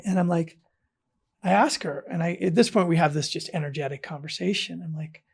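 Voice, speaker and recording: A man from South Africa, a podcast guest, telling a personal story earnestly and often dropping to a hushed, quiet tone. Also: fairly high pitch, fairly even intonation, brisk, vocal fry, breathy edge.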